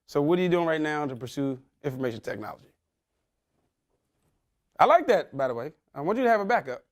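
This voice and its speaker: A man's voice: a little high, very animated, fast talker. A man giving a motivational talk, quizzing his young audience in casual slang. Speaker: motivational speaker.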